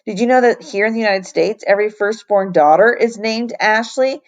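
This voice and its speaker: A woman's voice: mid-range voice, brisk, close to an everyday voice. A woman voicing a smug schoolboy who mocks a classmate, in a storybook reading. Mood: mocking. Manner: mocking, jokey.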